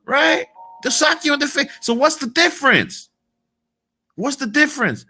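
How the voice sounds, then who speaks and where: A man's voice: very high voice, animated, normal speed, pushed and bright, soft background music. A man delivering a heated, profane, slangy monologue as a motivational vlogger. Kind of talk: casual ranting monologue.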